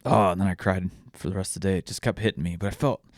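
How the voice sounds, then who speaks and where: A father telling a painful personal story while tearful, halting often and restarting his sentences. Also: deep voice, steady tone, dry recording, clean studio sound. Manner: halting, with many restarts and pauses. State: tearful, voice breaking. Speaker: vlogger sharing a personal story.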